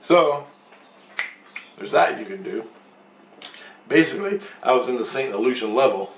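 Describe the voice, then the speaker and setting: Man, ordinary pitch, loose profane storyteller; roomy recording with faint hum behind. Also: expressive, unhurried, vocal fry, recorded from a distance. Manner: profane, rambling storyteller who acts out both sides of the talk. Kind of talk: rambling casual monologue. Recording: roomy echo.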